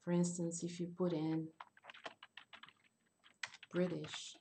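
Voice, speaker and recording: A woman teaching English in an online class, explaining slowly and rephrasing her points. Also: on the low side, level tone, dark tone, a little hiss or hum.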